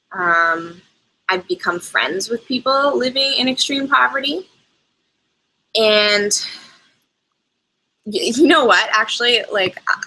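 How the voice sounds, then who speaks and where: A young woman hosts a live chat, answering viewers' travel questions. She talks in a loose, rambling way, full of side remarks. Her voice is bright and forward. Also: medium pitch, rough recording. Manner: chatty, rambling with asides. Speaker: travel show host.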